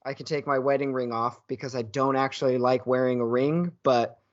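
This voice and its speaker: A man's voice: fairly even intonation, fairly quick. A man in his thirties co-hosting a podcast in casual chat, joking and laughing often. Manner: laughs often, jokey, puts on a booming game-show voice at times. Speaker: podcast co-host. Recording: muffled lo-fi podcast audio.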